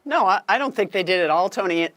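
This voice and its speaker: A woman's voice: medium pitch, lively intonation, fast talker, fairly bright tone. Confident woman sports panelist. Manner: confident, plain-spoken. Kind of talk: opinionated sports debate.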